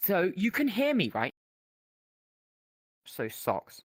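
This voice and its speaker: A man's voice: high voice, slow pace, slightly rough, no echo. A young man rambling through an absurd mock lecture in a VR chat, on a headset mic. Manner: rambling, absurd, deadpan silliness.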